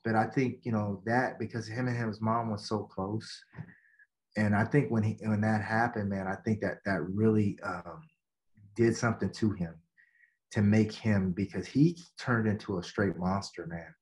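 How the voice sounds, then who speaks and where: With a lowish voice at a moderate pace, a former football coach turned educator tells stories as a podcast guest. The tone is casual and animated, with quotes acted out and "man" coming up often.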